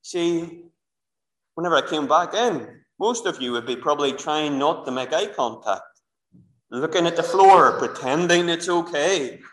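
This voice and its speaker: With a voice on the high side, a touch bright, and lively at a measured pace, a Northern Irish minister delivers a sermon. He narrates the story vividly, speaking directly to children and congregation, captured by a clip-on mic amid church echo.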